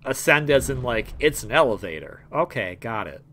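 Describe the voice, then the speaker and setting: A man's voice: mid-range voice, big pitch swings, normal speed, fairly bright tone, slight background noise. A young man hosting a gameplay video, rambling in a jokey way with lots of stammers and restarts. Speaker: gaming video host. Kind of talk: casual gameplay commentary.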